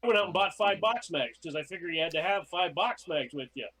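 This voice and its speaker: A man with a fairly high voice tells casual stories as a podcast guest. He is animated and slips into acting out his own past lines as he goes. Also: fast talker, poor audio. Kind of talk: casual storytelling.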